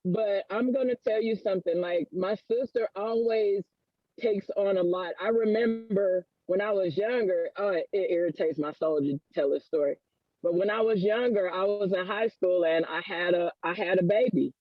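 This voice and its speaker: A man with an unusually high voice gives an earnest testimony on a group call, slipping into quoted family dialogue as he goes. The audio is dull and muffled, and it sounds close and dry. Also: moderate pace, dry recording. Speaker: call participant.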